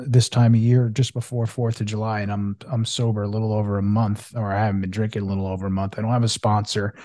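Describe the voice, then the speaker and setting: A man's voice: on the low side, darkish tone, no room sound. A male podcast host telling a personal story in a casual, eager and emphatic way.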